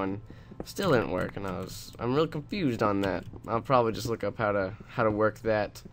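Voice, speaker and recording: A young let's play host with a voice on the low side narrates his own gameplay, a little hiss or hum audible in the background. His casual talk is sarcastic and meandering, with rants and frequent restarts.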